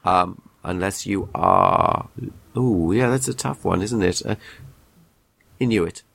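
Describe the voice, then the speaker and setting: A man co-hosting a podcast, dropping deadpan provocative jokes in casual chat. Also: sits low, slow, creaky, husky. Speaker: podcast co-host.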